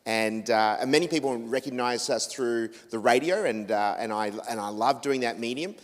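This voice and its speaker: A man's voice: mid-range voice, moderate pace. An Australian man talks informally to a church audience in a mid-range voice. He rambles and restarts his sentences, correcting himself as he goes. His words ring out in a long church-hall reverb. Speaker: radio host and speaker.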